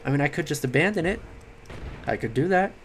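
A tired young man giving late-night game commentary, rambling, swearing and yelling at the game. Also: fairly high pitch, animated, fairly quick, over music. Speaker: gaming commentator.

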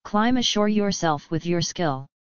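A woman narrating does a proud young man who hits back with quick words. The tone stays low and very smooth. The recording is dry and a little muffled. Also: animated, dry recording. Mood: wary. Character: proud, quick-tongued young male traveler.

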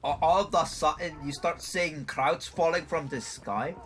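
A man's voice: on the high side, moderate pace, fairly bright tone, a little hiss or hum. A man chatting while playing a video game, joking in a put-on Scottish accent and laughing a lot. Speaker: gamer. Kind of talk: casual gaming chat.

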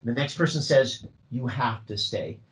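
A middle-aged man, a drama teacher leading a workshop for other teachers, talking in an animated way and acting out student voices. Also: medium pitch, measured pace, rough recording.

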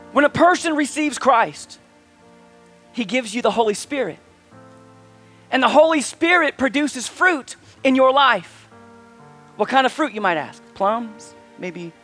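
A man's voice: extremely high pitch, fairly bright tone. A male pastor preaching a sermon in a conversational, emphatic way, asking his listeners questions.

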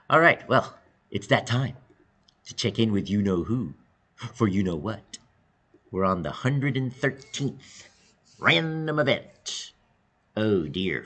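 A male teacher talking to his students in an upbeat, encouraging way in an online class video. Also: a bit bright. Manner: upbeat, encouraging, with big pitch jumps.

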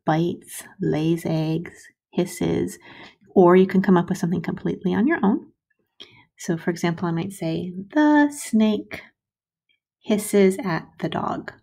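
Woman teacher, patient and slow for young children; warm, slightly gravelly voice. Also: fairly low pitch. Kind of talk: recorded early-grade writing lesson.

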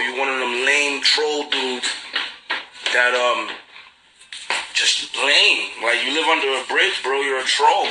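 A young New York man hosts a livestream, chatting casually and mocking his commenters in a laid-back, slangy way. His mid-range voice sounds pushed and bright. The low-quality recording has slight background noise.

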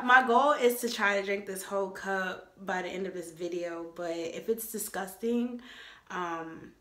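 A young woman vlogging casually to the camera, chatty and expressive, with big dramatic reactions. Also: mid-range voice, unhurried. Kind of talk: casual vlog talk to camera. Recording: echoey room.

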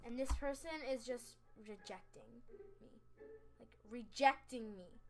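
A woman's voice: a little high, measured pace, darkish tone, a little hiss or hum. A young woman chatting over her gameplay, rambling and scatterbrained, giggling at herself. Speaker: gaming vlogger. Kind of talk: casual game commentary.

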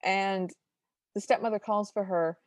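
A woman's voice: medium pitch, steady tone, unhurried, no room sound. A woman co-hosting a podcast, recapping a cartoon in a wry, detailed, opinionated way. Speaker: podcast co-host. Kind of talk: casual chat recapping a film.

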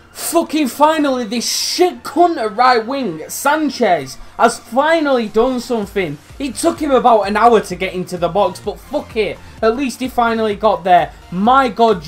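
A young man commentating his own football video game, swearing, swinging between loud outbursts and low muttering. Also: lively intonation, measured pace, hardly any pauses, soft background music. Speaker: gaming YouTuber. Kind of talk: live gameplay commentary.

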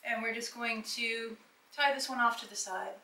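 A woman's voice: on the high side, fairly even intonation, normal speed, sharp tone, rough recording. A middle-aged woman hosting a casual try-on vlog, chatting enthusiastically as she explains and shows things to the viewer. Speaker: fashion vlogger.

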